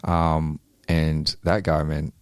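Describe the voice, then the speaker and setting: A man's voice: very deep voice, completely flat delivery, slow, clear, resonant tone, no room sound. A man chatting casually as an interview guest, laid-back and rambling, with frequent ums and swearing. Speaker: amateur boxer, interview guest. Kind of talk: casual chat.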